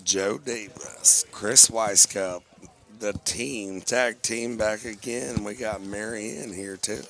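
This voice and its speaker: A man giving casual, folksy, enthusiastic color commentary for a local high school football broadcast from a press booth. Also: slow pace, vocal fry, a bit bright.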